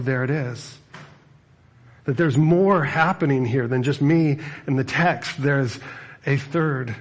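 Conversational man preaching a sermon. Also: a little high. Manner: conversational, animated storytelling with asides. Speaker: pastor.

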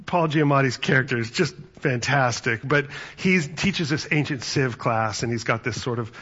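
Pastor guy chatting through a sermon, bright voice, kinda muffled lo-fi sound. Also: mid-range voice, moderate pace, slightly rough. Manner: conversational, storytelling with acted-out quotes.

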